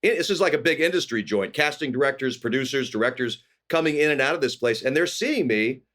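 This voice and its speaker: A middle-aged man from California, a guest actor telling lively anecdotes in an interview and acting out the people he quotes. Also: mid-range voice, fast. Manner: animated anecdotes with voiced quotes. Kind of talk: storytelling interview.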